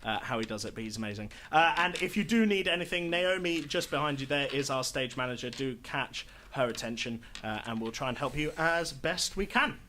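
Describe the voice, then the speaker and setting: A man's voice: mid-range voice, lively intonation, fairly quick, hardly any pauses, bright, forceful tone, a little hiss or hum. A man hosting a live tabletop role-playing show as game master, chatty and upbeat with many fillers. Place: live stage show before an audience.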